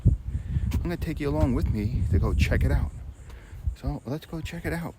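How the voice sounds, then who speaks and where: Out on a nature trail and lookout tower, a man narrates his walk for a vlog, chatty and excited. His voice runs on the high side with lively intonation at a moderate pace, under heavy background noise.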